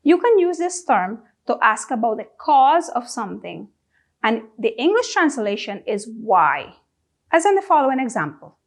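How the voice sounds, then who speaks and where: A Guyanese woman with a slightly high voice and wide pitch swings teaches a language lesson. She drills each question word slowly and deliberately, pausing so the listener can repeat after her.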